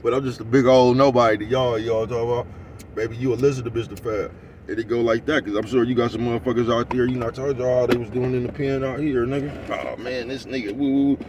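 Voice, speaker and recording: A man's voice: medium pitch, level tone, quick pace, recorded from a distance, background noise. A man ranting casually to his viewers in heavy slang, rambling and laughing, often asking if you know what he's talking about. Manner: laughs often, gets loud and heated. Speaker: vlogger. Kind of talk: casual rant to camera.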